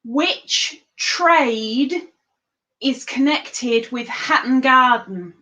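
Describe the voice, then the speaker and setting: A woman hosting a live-streamed trivia game, chatty and playful, reading the questions out slowly. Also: sits high, sharp tone, low-quality recording. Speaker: livestream quiz host.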